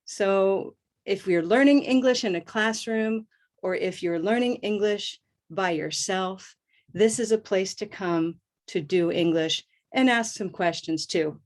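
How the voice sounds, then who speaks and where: Slow, deliberate woman English teacher. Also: medium pitch. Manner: slow, deliberate, models sounds for repetition. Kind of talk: live online class, slow drilling. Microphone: video call.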